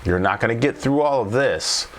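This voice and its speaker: A man's voice: medium pitch, lively intonation, normal speed, slight background noise. A trading coach talking through stock charts off the cuff, thinking aloud and checking in with his viewers after every point. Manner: thinks aloud, repeats tag questions. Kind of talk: unscripted chart walkthrough.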